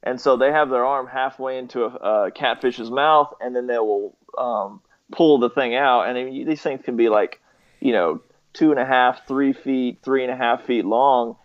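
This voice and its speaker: A man's voice: mid-range voice, normal speed. A young man from the southeastern United States, chatting casually and hesitantly with lots of fillers. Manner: hesitant, many fillers and restarts, chuckles often. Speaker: interviewee, nurse. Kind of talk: casual chat. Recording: slightly muffled lo-fi recording.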